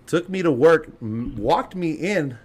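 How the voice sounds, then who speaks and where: A man's voice: fairly high pitch, animated, measured pace, slightly rough. A man telling a story as a podcast guest in casual chat, laughing and swearing as he acts out the people in it. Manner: laughing, profane, acts out quotes.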